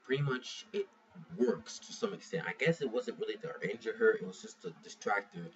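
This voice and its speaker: A man's voice: mid-range voice, big pitch swings, a little fast. Rambling, profane man reviewing manga, distant mic. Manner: rambling, profane, restarts a lot. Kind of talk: casual spoken review. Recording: muffled lo-fi mic from a distance, faint hiss.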